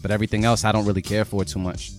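Laid-back low-voiced man critiquing beats. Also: little pitch movement, racing, faint music behind. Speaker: podcast co-host reviewing beats. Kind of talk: casual chat.

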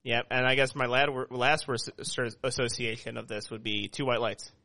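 A man's voice: medium pitch, fairly even intonation, brisk, creaky, bright, forceful tone, no room sound. A man with a nasal voice hosting a casual podcast chat, rambling and joking with many restarts. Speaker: podcast host.

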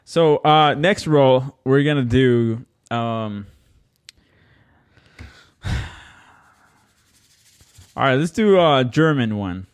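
A man's voice: mid-range voice, drawn-out words, long pauses, smooth. Casting: male podcast host, casual, hesitant, lots of fillers. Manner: hesitant, many fillers and restarts. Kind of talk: casual chat.

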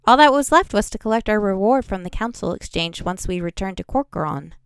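A woman reads a fantasy excerpt aloud in measured audiobook narration. Her voice is smooth and clear, with a touch of vocal fry, at a middle pitch. The sound is close and dry, with no room echo. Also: lively intonation. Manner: measured first-person storytelling. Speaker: editor reading a book excerpt.

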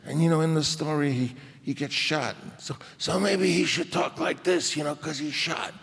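Older man impersonating a middle-aged movie star thinking out loud, pitched up, halting, reverberant hall. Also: breathy edge. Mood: musing. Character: middle-aged male movie star shaping a gangster role.

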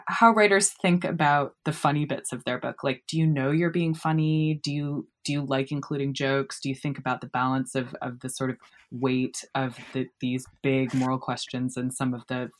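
Low-voiced woman interviewer, curious and hesitant. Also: fairly even intonation, normal speed. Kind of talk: casual interview questions.

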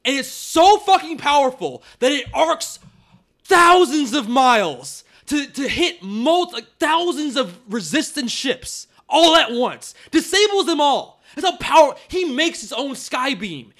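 High, lively young guy for a snarky casual film rant with lots of swearing. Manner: animated, sarcastic, swears often, acts out quotes. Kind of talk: casual movie discussion.

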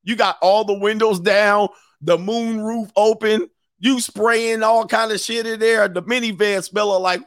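A man hosting a live stream as a dating coach, ranting comically and acting out both sides of a story in quick voices, laughing often. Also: high-pitched, fairly bright tone, dry recording, clean studio sound. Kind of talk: casual comedic rant.

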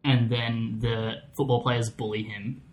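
A man's voice: medium pitch, little pitch movement, unhurried, darkish tone. A man hosting a casual film podcast, joking dryly and steering the talk. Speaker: podcast host. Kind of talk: casual chat.

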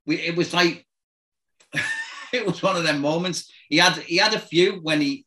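Animated man with a bright, forceful voice. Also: fairly high pitch, normal speed, rough recording. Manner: animated anecdotes, acts out voices and sounds, laughs often. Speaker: former football manager. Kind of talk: casual storytelling chat.

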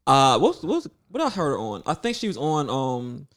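A man from New York talking casually as a podcast co-host, quick and slangy with blunt opinions. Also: mid-range voice, huge pitch swings, a bit bright. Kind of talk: casual chat.

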